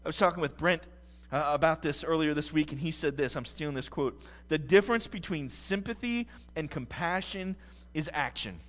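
American pastor preaching with big swings. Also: male voice, a little high, moderate pace, few pauses, big-room sound. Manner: dynamic preaching, swings from quiet to loud and back. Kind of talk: sermon.

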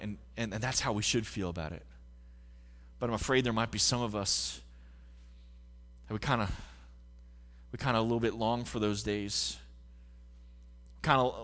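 A man's voice: mid-range voice, fairly bright tone. A man preaching a sermon in a church, earnest and conversational, often repeating his words as he goes. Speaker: pastor. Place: church sanctuary. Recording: long hall reverb.

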